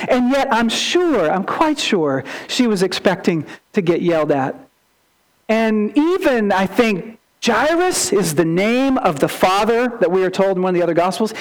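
A male pastor preaching a sermon, animated, acting out quotes and asking rhetorical questions. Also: sits high, moderate pace, rough recording.

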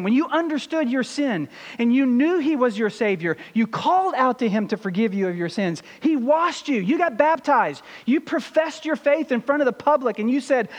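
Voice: high-pitched, big-room sound. A pastor preaching a sermon with emphasis and putting rhetorical questions to the congregation.

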